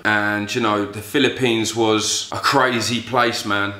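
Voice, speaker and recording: A man tells a story in a blunt, foul-mouthed way. His voice is bright and forceful, and the room around him sounds echoey. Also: lowish voice, moderate pace, few pauses. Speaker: vlogger. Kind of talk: storytelling vlog. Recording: roomy echo.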